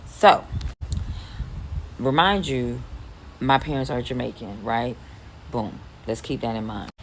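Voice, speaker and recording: Forties woman from philly, really deep voice, swears a lot telling stories, faint hiss behind. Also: slow pace, rough recording. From Philadelphia, US. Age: 40s. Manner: animated, profane, rambling. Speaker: storyteller. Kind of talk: casual storytime.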